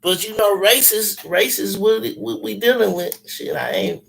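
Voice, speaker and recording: A man telling a story in casual chat, animated and profane, with lots of repetition. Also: high-pitched, moderate pace, vocal fry, low-quality recording.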